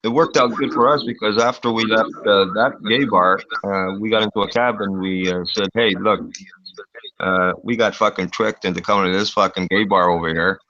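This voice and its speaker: A man's voice: on the low side, moderate pace. A man telling a rowdy anecdote in casual chat, swearing a lot and filling gaps with uh and you know. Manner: profane, lots of fillers, animated retelling. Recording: dull lo-fi dry recording.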